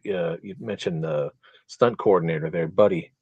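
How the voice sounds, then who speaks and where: A man's voice: deep voice, moderate pace, a little mellow, breathy edge, dry recording, muffled recording. A man who is a guest on a movie podcast, chatting casually and laughing easily.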